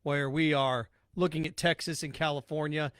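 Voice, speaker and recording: A man with a high voice hosts his own sports talk podcast. He rants bluntly and sarcastically, hammering his points over and over. The sound is dry and close, with no room echo. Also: steady tone, moderate pace, fairly bright tone, clean tone. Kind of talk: opinionated solo podcast rant.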